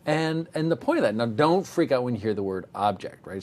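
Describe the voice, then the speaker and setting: A middle-aged man teaching a technical course live, animated and joking, sometimes acting out little voices. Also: on the low side, fast talker, a little hiss or hum. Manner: animated, jokey, acts out voices. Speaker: instructor. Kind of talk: live technical demo with banter.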